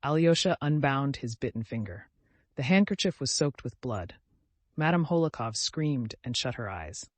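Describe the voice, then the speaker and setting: Expressive male audiobook narrator. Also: mid-range voice, moderate pace, no room sound. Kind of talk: scripted narration.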